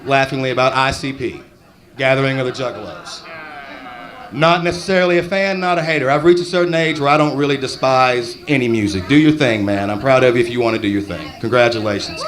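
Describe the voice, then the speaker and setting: A man's voice: medium pitch, a bit bright. A middle-aged man from Texas doing rambling, profane stand-up comedy at an open mic. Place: comedy club stage.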